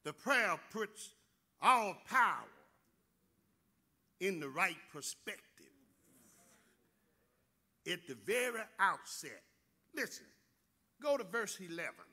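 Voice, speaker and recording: A man with a Southern American accent preaching a sermon in church, building to shouts on key phrases. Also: high-pitched, sing-song, slow pace, pauses often. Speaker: pastor.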